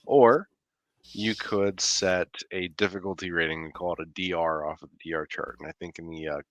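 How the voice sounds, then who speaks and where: A man explaining tabletop game rules, pausing with fillers as he goes. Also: low-pitched, steady tone, fairly bright tone, dry recording. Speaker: rules expert.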